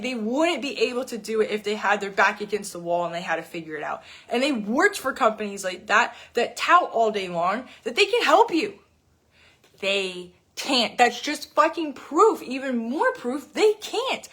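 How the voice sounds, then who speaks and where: A woman's voice: fairly high pitch, fairly bright tone, breathy edge. Profane, emphatic woman fitness coach. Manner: profane, emphatic, repeats words for stress. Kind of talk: blunt unscripted rant to camera.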